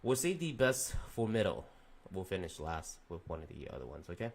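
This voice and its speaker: A man's voice: low-pitched, very animated, a little fast, gravelly. A young man hosting a casual podcast stream, chatting loosely with viewers in a rambling, profane way. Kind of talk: casual chat with live chat viewers.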